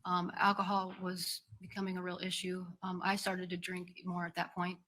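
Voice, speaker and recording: Low, flat-voiced woman testifying. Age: 40s. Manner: hesitant, halting, many ums. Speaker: defendant testifying. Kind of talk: courtroom testimony. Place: courtroom.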